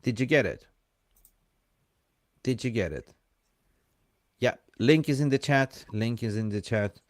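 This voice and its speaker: A man with a mixed accent that has a hint of Australian, co-hosting a casual live-stream chat and bantering excitedly with viewers. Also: mid-range voice, a little slow, dry recording, studio quality. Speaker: fan channel co-host.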